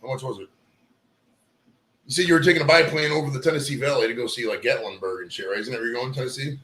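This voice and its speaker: A man's voice: mid-range voice, quick pace, a bit bright, slight background noise. A man in his forties hosting a casual, joking podcast chat, rambling on. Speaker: podcast host. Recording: echoey room.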